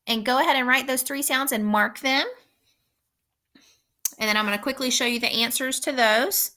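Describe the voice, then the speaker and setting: A woman teacher giving a recorded phonics lesson for young children, speaking slowly and patiently with careful, clear enunciation. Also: on the high side, bright, forceful tone.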